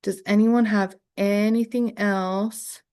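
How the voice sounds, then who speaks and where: Slow, thoughtful woman leading a workshop. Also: mid-range voice, flat delivery, a little mellow, smooth. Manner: slow, thoughtful, many fillers. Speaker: poetry workshop leader. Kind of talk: online workshop Q and A.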